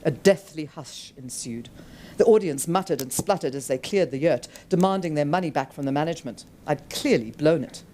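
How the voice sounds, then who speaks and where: This woman's voice sits low and keeps a moderate pace. Reading her own novel to a bookshop audience, she tells the story with animation, voicing each character.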